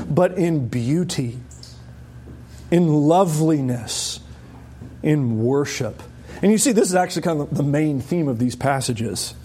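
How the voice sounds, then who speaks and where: A man preaching a sermon to a congregation, animated and emphatic, often rising sharply in pitch for stress.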